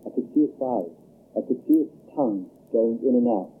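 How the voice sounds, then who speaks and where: A man's voice: mid-range voice, animated, brisk, slight background noise, lightly acted. A man voicing a frightened, shaken grown man who answers in reluctant, faltering words over a tinny phone-like line.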